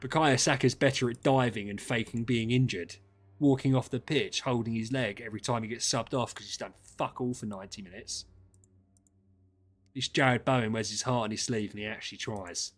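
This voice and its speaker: A young man chatting casually on a livestream, ranting in an animated way and swearing freely. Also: medium pitch, fairly quick. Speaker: streamer.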